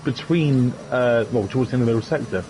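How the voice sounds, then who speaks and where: A man's voice: mid-range voice, quick pace, over music. A man co-commentating a live online race with playful, teasing banter.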